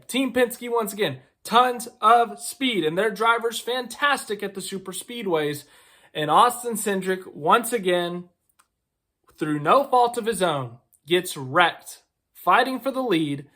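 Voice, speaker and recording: A man's voice: sits high, sharp tone. A man giving casual, opinionated racing commentary to camera, talking in a loose conversational way with asides.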